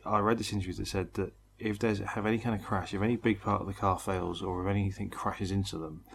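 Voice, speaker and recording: A tired man co-hosts a casual chat, his voice low and gravelly. He rambles wryly and laughs often. A faint hiss sits under the recording. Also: little pitch movement, fast. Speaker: podcast co-host. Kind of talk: casual chat about motor racing.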